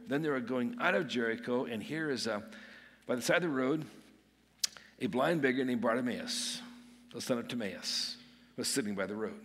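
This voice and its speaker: A man's voice: mid-range voice, a bit bright. Preaching man in a reverberant church. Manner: earnest, emphatic preaching with dramatic dips and swells. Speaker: pastor. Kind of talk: sermon. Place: church sanctuary. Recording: long reverb of a church hall.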